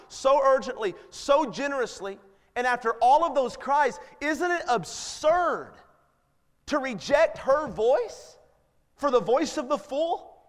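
A man in his thirties preaching a sermon as pastor, earnest and building to emphatic appeals. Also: extremely high pitch. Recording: long hall reverb.

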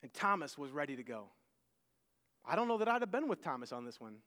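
A man's voice: on the high side, big pitch swings, fast, sharp tone. A man preaching a sermon, emphatic, often repeating and restarting his phrases. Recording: long hall reverb.

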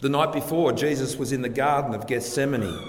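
Earnest male preacher, mid-pitched, rhetorical, reverberant church hall. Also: brisk, a little hiss or hum. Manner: earnest, rhetorical questions, varies loudness for emphasis. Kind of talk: sermon. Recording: long hall reverb, faint background ambience.

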